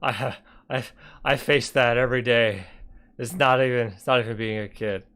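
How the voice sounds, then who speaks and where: A man's voice: medium pitch, fairly even intonation, moderate pace, a bit bright, smooth. A man hosting a reaction commentary, heckling a played speech sarcastically. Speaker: host.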